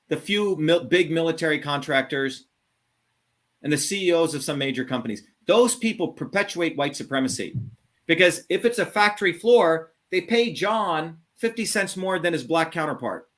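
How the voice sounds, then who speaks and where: In a heated call-in monologue, a middle-aged host speaks animatedly at normal speed, his voice a little high and somewhat bright. He's blunt and combative, swearing and stressing words heavily.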